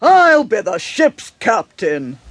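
A woman's voice: on the high side, wildly swooping pitch, slow pace, slightly rough, dry recording, voice pushed up, full character voice. A woman voicing Bouncer, a bossy, swaggering male mouse who appoints himself leader, with a blustering, commanding manner.

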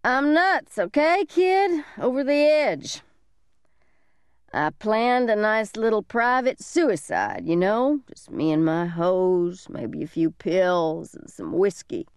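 A woman voicing a drunk, unhinged, suicidal large man who taunts in a slow, mocking drawl, in an audiobook reading. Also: medium pitch, animated, clean tone, dry recording, clean studio sound, voice pushed up. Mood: menacing.

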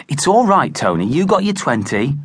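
A man's voice: a little high, expressive, fairly quick, pushed and bright, husky, pitched above the performer's own voice, full character voice. A man voicing a placating village schoolgirl in an audiobook, speaking soothingly and with wonder.

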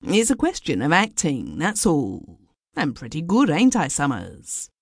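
A woman reads as a boastful young amateur actor in a storybook tale. He talks eagerly and sharply with lively pitch, recorded close and dry. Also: unhurried, dry recording, exaggerated voice. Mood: cocky.

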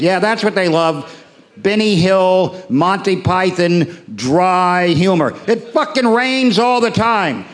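An American man doing live stand-up on a theatre stage, sardonic and profane, mock-ranting at the crowd. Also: high voice. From United States. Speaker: stand-up comedian. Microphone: stage microphone. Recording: live theatre, echoey, loud crowd noise.

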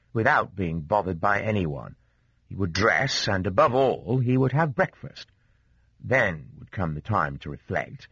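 A man narrating a classic story as an audiobook in an expressive, varied delivery. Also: fairly low pitch, husky, no room sound. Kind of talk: scripted narration. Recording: dull dry studio sound.

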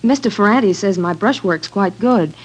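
A gentle, breathy young painter. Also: female voice, mid-range voice, expressive, moderate pace, dull audio. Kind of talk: 1940s radio acting.

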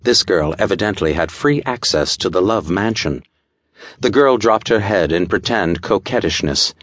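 Male narrator for a pulp adventure audiobook: deep, animated, measured and dramatic, close and dry. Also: no room sound. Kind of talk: scripted narration.

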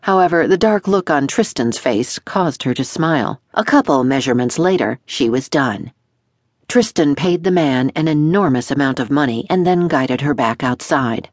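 A woman narrating a historical romance audiobook in an expressive, melodic storytelling manner. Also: extremely low pitch, moderate pace, no echo, clean studio sound. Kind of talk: scripted narration.

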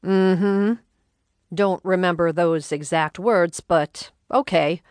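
Woman playing an older husband, grumbling, folksy, laconic, unhurried. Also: on the low side, a little mellow, no echo. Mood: dry. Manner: laconic, dry, drawling.

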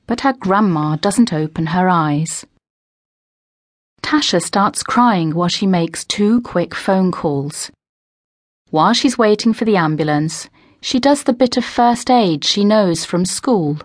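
A woman reading a story aloud as scripted narration for language learners, slow, clear and expressive, on a close studio mic. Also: fairly low pitch, no echo. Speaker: audiobook narrator.

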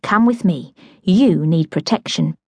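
A woman voicing a brisk, inquisitive middle-aged spinster in an audiobook, with a crisp, decisive manner. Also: on the low side, lively intonation, warm tone, no echo. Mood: commanding. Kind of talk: audiobook character voice.

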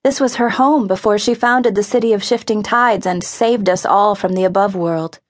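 A woman's voice: medium pitch, moderate pace, natural voice. A woman voicing a brave, headstrong thirteen-year-old girl in an audiobook, speaking urgently and boldly. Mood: eager. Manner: urgent, bold. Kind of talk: audiobook character voice.

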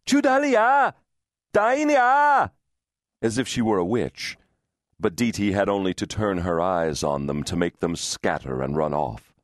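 A man reading a historical novel aloud as an audiobook narrator, measured and expressive. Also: low-pitched, no room sound, clean studio sound. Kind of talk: scripted narration. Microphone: studio microphone.

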